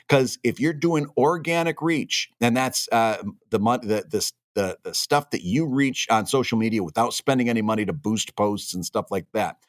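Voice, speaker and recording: A man's voice: mid-range voice, no echo, clean studio sound. A man co-hosting a cartoonists' podcast, giving emphatic, opinionated advice in casual shop talk.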